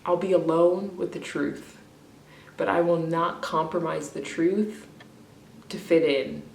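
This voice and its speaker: A woman's voice: lowish voice, fairly even intonation, slow, creaky, roomy sound, far from the mic, slight background noise. A woman ranting in an emotional vlog, crying, frustrated and rambling, swearing often. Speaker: vlogger.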